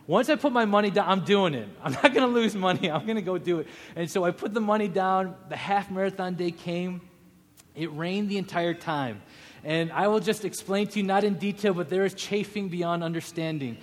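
A man in his thirties preaching a sermon, telling a personal story with animated, acted-out quotes. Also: sits high, fairly quick, long reverb tail. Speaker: pastor.

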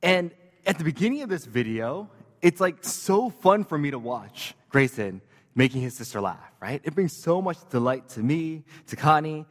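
A man's voice: a little high, sing-song, normal speed, big-room sound. A man preaching a sermon as pastor, conversational and joking, with casual fillers and asides.

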